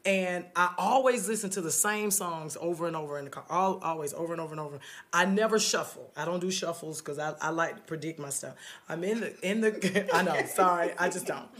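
A middle-aged woman talks in a relaxed, faith-filled chat with friends. She tells her story earnestly, trailing off and starting again as she goes. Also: lowish voice, fairly quick. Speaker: podcast co-host. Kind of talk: casual faith-based conversation.

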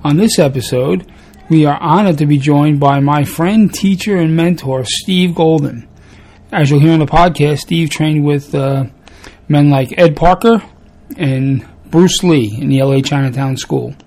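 A man's voice: fairly high pitch, a little slow, a little mellow. Joking Brooklyn-accented podcast host, man. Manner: joking, self-deprecating, rambling with fillers. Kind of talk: casual podcast chat.

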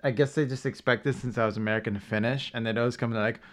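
A man's voice: mid-range voice, steady tone, very fast. A man co-hosting a podcast, rambling through stories in casual chat. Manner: rambling storyteller. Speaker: podcast co-host.

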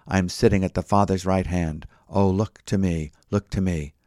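A man's voice: sits low, fairly even intonation, moderate pace, darkish tone, no room sound, clean studio sound, close to an everyday voice. A man reading out the words of a plain-spoken lay preacher who urges his listeners with repeated pleas. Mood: pleading.

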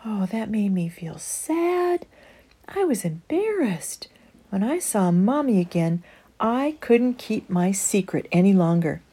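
Reading slowly from a children's picture book, a woman with a medium-pitched, breathy-edged voice tells the story in an expressive way.

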